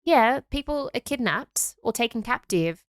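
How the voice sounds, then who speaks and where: A woman co-hosting a podcast, giggling often and reacting with playful quick interjections. Her voice sits a little high. The recording is close and dry. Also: animated, no echo. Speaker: podcast co-host. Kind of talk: casual chat.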